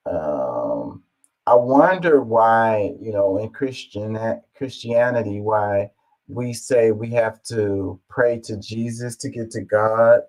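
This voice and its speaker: Low-voiced man musing through a reaction. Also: animated, takes it slowly, darkish tone, rough recording. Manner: rambling, many fillers, musing aloud. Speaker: reaction video host. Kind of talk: casual reaction commentary.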